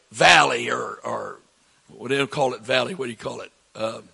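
A man in his sixties with a Southern American accent, preaching a sermon to his congregation, climbing to emphatic peaks and dropping to quiet asides. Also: mid-range voice, moderate pace, creaky, slightly rough, big-room sound. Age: 60s. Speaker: pastor.

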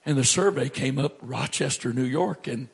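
A middle-aged male pastor preaching a sermon, animated, swinging from loud to hushed. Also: medium pitch, moderate pace, vocal fry, breathy edge.

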